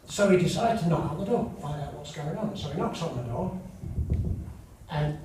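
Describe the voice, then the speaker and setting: A man's voice: fairly high pitch, expressive, moderate pace. An older English man doing stand-up, telling stories and teasing the audience in a chatty way. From England. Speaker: comedian and after-dinner speaker. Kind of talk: stand-up storytelling. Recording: echoey hall from far off, loud noise.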